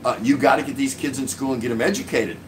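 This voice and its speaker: A man's voice: mid-range voice, fairly even intonation, quick pace, a little hiss or hum. A man in his sixties hosting a casual live stream from his couch at home, reading viewer comments aloud and joking with a chuckle. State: drinking beer while talking.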